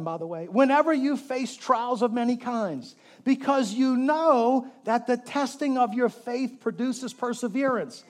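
A pastor with a notably high voice preaches to his church in a lively, joking way. He calls on the congregation to say words back to him. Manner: animated and jokey, prompting the congregation to repeat words. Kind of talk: sermon.

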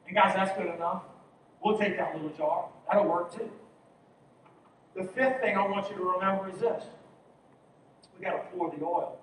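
A man with a strikingly high voice preaches a sermon, urging his congregation on and asking them to answer back. He sits well off the mic, and his words ring around a very reverberant church hall over a faint background hiss. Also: moderate pace, long pauses. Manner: exhorting, calls for congregation responses. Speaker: pastor. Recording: very echoey hall, distant mic, faint noise.

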